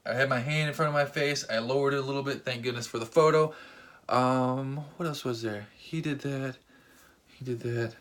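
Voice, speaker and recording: Guy vlogging a long story, rambly and excited, lots of uhs, normal mid voice. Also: mid-range voice, moderate pace. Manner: rambling and excitable, with many fillers and restarts. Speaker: vlogger and wrestling fan. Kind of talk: casual storytelling vlog.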